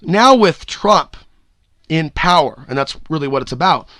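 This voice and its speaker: A man hosting his own solo podcast, talking loosely and ranting, swearing freely with sudden loud whoops. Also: on the high side, expressive, a little slow, dry recording, clean studio sound. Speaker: podcast host.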